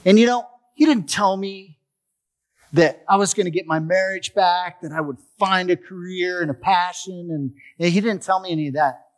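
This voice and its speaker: Speaking at a normal speed in a high voice, this testimony speaker recounts his own recovery. He brings the story to life with expressive delivery, acting out the conversations.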